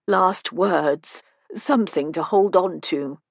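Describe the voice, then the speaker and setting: A woman voicing a polite, shrewd older lady who probes gently. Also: on the low side, takes it slowly, creaky, no room sound, studio quality, exaggerated voice. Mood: probing. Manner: polite, probing.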